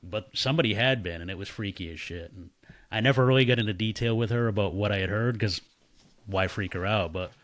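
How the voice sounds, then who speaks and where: A man with a somewhat low voice tells a story in a relaxed, casual way. He is animated and swears freely. He jumps into the voices of the people he quotes. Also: quick pace. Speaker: podcast guest.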